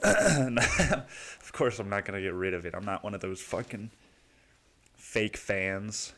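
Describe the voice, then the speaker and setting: A young man with a low-pitched voice talks through a casual solo podcast monologue. He rambles, swears freely and mocks himself as he goes. He keeps calling the listener "dude" and "man". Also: expressive, takes it slowly, fairly bright tone. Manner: rambling, profane, self-mocking, says "dude" and "man" a lot. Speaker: podcast host.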